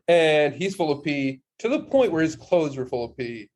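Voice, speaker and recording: Relaxed man rambling through a story. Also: fairly high pitch, a little fast, hardly any pauses. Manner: relaxed, rambling storyteller with restarts and casual swearing. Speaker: podcast co-host. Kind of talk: casual podcast chat.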